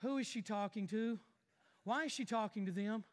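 A man's voice: sits high, normal speed, big-room sound, natural voice. A man playing a sulky, grumbling churchgoer. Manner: muttering complaints under his breath, fake cheer to others. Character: grumbling married male churchgoer, sulky and petty. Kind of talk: comic skit within a sermon.

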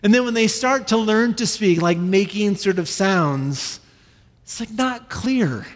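A man in his thirties preaching a sermon, animated, with sudden high bursts when he acts out children. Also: unhurried. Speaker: pastor. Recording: long reverb in a large hall.

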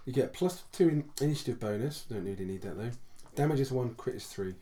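A man's voice: mid-range voice, lively intonation, fast talker, warm tone. A man playing a tabletop game, arguing his case and haggling with the game master. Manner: argumentative, haggling, casual swearing. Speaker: player. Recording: noisy recording.

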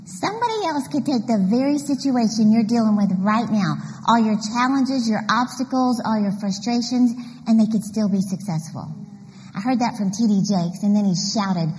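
A middle-aged woman giving an animated, story-filled motivational church talk, laughing often. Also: fairly high pitch, normal speed. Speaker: women's conference speaker. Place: church hall. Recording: reverberant hall mic, faint noise.

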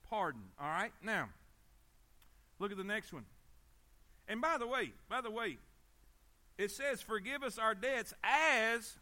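A man's voice: high voice, pushed and bright. A man preaching a sermon, emphatic and repetitive, often calling out for amens. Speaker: pastor.

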